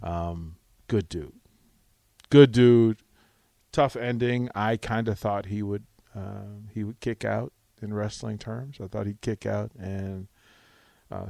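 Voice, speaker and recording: A man hosting a radio talk show, telling a rambling, animated anecdote full of restarts, in a studio on a close mic. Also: fairly low pitch, vocal fry, no room sound. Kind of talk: casual radio storytelling.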